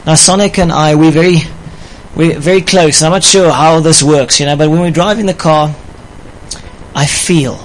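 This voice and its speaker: A man's voice: a little high, steady tone, normal speed, slight background noise, poor audio. A man preaching about marriage in a light, playful way, often laughing with his audience. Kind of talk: sermon on marriage.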